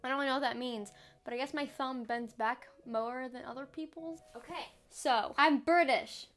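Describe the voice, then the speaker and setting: A woman's voice: high-pitched, a little fast, fairly bright tone, faint music behind. A young American woman vlogging in a playful, self-mocking, chatty way. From United States. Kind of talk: casual jokey vlog.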